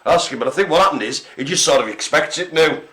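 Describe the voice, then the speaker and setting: Fast and animated, a man with a voice on the high side and a bit bright co-hosts a live care-centre broadcast. He tells jokey stories in casual, filler-heavy chat.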